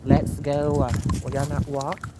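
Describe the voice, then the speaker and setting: A woman's voice: low-pitched, level tone, unhurried. Woman chatting on a phone walk. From Mississippi. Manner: chatty, coaxing the dogs between remarks to viewers. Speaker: livestreamer. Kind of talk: casual live-stream chat. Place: outdoors on a city walk. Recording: phone audio with loud outdoor noise. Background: loud outdoor noise.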